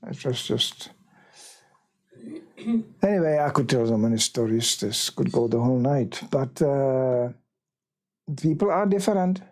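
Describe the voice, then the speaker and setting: A man giving an anecdotal temple talk as a visiting monk, an animated storyteller who acts out the voices of people he quotes. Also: medium pitch, unhurried, long pauses. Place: temple hall.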